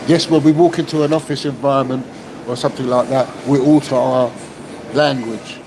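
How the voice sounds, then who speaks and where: A man's voice: medium pitch, steady tone, fairly quick. A man in his fifties from East Central London with a Cockney accent, ranting in a casual podcast monologue and often asking "yeah?" at the end of a point. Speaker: podcast host. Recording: noisy, with vehicle sounds behind.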